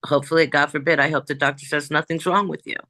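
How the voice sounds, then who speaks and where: Bright, forceful woman telling a story. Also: deep voice, fast talker, dry recording, low-quality recording. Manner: animated, jumps back and forth, acts out quoted dialogue. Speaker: psychic medium. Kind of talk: storytelling in an interview.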